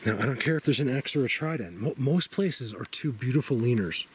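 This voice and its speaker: A man filming himself outdoors on a trail, talking to the camera in an excitable, chatty way and now and then dropping to a hush. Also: a little fast, noisy background. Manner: excitable, talks to animals in a high baby voice, drops to hushed tones. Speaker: outdoor vlogger. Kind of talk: casual walking vlog.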